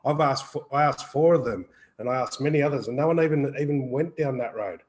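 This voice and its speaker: A man's voice: medium pitch, fairly quick, darkish tone, poor audio. A man co-hosting a live wellbeing Q&A, talking earnestly in a rambling way, repeating words and swearing casually. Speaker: wellbeing co-host. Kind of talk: live Q&A chat.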